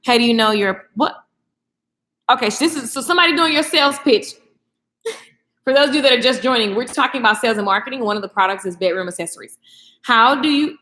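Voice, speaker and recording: A woman hosting a casual late-night live stream, animated and slangy, laughing often and talking straight to her viewers. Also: sits high, brisk, pauses often. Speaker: live stream host, beauty professional. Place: echoey room, home at night. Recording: echoey room.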